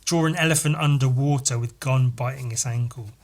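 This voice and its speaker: A man hosting a podcast, casually retelling a picture story in an animated, sweary, laughing way. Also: medium pitch, fairly quick. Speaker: podcast host.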